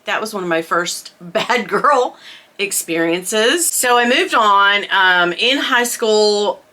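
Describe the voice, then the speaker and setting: A middle-aged woman vlogger telling a storytime, chatty and animated, laughing often. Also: medium pitch, takes it slowly. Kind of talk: storytime chat.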